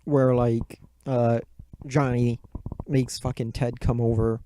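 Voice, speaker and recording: A man's voice: medium pitch, level tone, slow pace, mellow, slight background noise. A man reviewing a movie in a casual, rambling retelling, swearing often and mocking himself, speaking close into the microphone. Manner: rambling, heavy swearing, self-mocking asides. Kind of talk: casual profane retelling of a plot. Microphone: close mic, speaking right into it.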